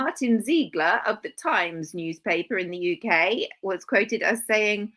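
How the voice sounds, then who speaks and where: A woman's voice: on the low side, animated, measured pace, fairly bright tone. Sarcastic fifty-year-old woman host. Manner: sarcastic, mocking asides. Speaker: live video host. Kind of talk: sarcastic casual commentary.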